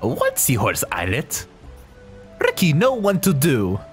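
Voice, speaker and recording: A man's voice: a little high, huge pitch swings, takes it slowly, soft background music, heavily acted. A man voicing a small, boastful male creature hero who talks in broken, childlike sentences. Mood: chirpy. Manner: broken childlike speech, bouncy. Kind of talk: reading game dialogue in voices.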